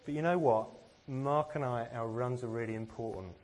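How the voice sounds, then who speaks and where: A man's voice: medium pitch, moderate pace, background noise. A man from England giving a sermon, earnest and self-deprecating, with plenty of rhetorical questions. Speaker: preacher.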